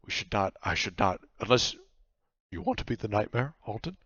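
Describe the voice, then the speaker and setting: A man's voice: fairly low pitch, very animated, fairly quick, a bit bright, slightly rough, no room sound, heavily acted. A man voicing a remorseful male nightmare spirit living in a cloak, who stammers and apologizes, on a dull, dry, lo-fi recording. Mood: flustered.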